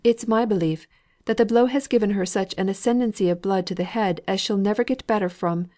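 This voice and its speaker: A woman's voice: mid-range voice, brisk, dark tone, lightly acted. A woman voicing a chatty, gossiping female servant in an audiobook reading. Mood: anxious. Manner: chatty, confiding, homely speech.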